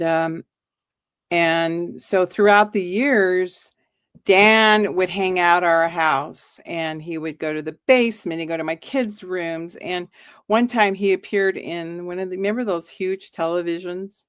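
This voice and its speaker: A middle-aged woman with a fairly low voice recounts her own haunting with animated, acted-out quotes. The sound is dry and close, with no room around it. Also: no room sound. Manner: animated, acts out quoted lines. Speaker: guest storyteller. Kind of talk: telling a personal ghost story.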